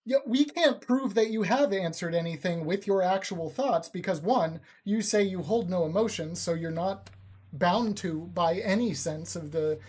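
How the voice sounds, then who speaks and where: A woman's voice: fairly low pitch, normal speed, a little mellow, husky. A woman hosting a live stream, pressing a caller with pointed, incredulous questions. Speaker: streamer host.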